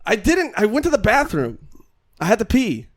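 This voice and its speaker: A man co-hosting a casual comedy podcast, rambling with fillers and sudden loud bursts. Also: sits high, huge pitch swings, moderate pace. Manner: rambling, lots of fillers and restarts, bursts of shouting. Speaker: podcast co-host.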